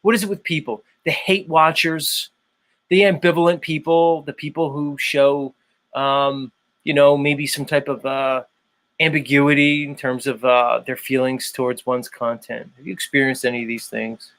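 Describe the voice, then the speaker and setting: A man's voice: mid-range voice, flat delivery, normal speed, fairly bright tone. A man hosting his own online show, chatting loosely and rambling with lots of fillers. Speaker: show host. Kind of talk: casual livestream chat.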